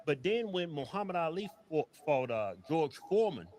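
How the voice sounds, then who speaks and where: Very animated, fairly high-voiced man. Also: moderate pace, a little hiss or hum. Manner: laughs a lot, keeps pushing to make his point. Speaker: co-host. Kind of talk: casual political banter.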